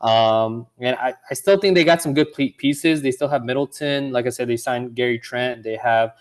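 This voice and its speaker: A man argues his picks in a relaxed sports chat. He stumbles and restarts often and laughs easily. His voice sits at a middle pitch. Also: normal speed. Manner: hesitant, many restarts and fillers, laughs easily. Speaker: podcast co-host. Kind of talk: casual sports debate.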